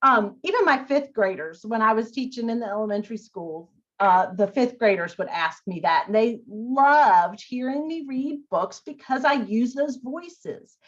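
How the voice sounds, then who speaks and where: A woman teacher and former librarian giving chatty, expressive tips on reading aloud to children. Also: fairly high pitch, measured pace. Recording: dull lo-fi audio.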